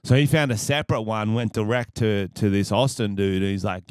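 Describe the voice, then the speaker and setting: Foul-mouthed Australian podcast host. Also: male voice, lowish voice, normal speed, hardly any pauses, clear, resonant tone, dry recording, studio quality. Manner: profane, rambling, laughs at own jokes. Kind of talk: casual podcast storytelling.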